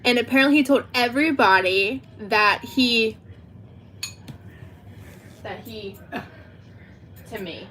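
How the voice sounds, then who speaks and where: Teenage girl, Southern US accent, slightly high, chatty livestream host, giggles often, faint noise behind. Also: slow, pauses often, pushed and bright. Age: teens. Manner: chatty, giggly, talks to chat. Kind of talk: casual livestream chat.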